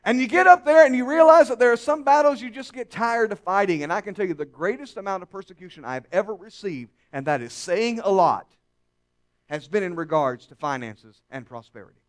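A male pastor preaching a sermon to his congregation, swinging between hushed, confiding lines and loud, emphatic calls. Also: high voice, fairly quick. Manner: dramatic, swings from hushed to shouting.

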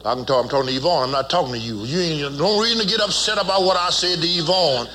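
A man's voice: a little high, fast talker, a crowd in the background. A man preaching as a pastor, folksy and teasing, leading his congregation in call-and-response. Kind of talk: sermon.

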